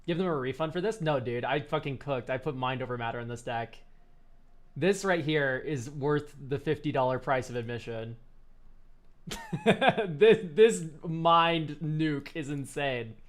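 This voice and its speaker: A man streaming live and reviewing viewers' card decks, excitable and quick to laugh, swearing casually. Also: mid-range voice. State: choked up, near tears.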